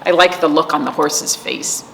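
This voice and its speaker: A woman's voice: deep voice, level tone, moderate pace. A woman children's librarian reading a picture book aloud, playful and asking children questions. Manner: warm, playful, asks kids questions. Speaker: children's librarian, storytime host. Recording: reverberant room, faint noise.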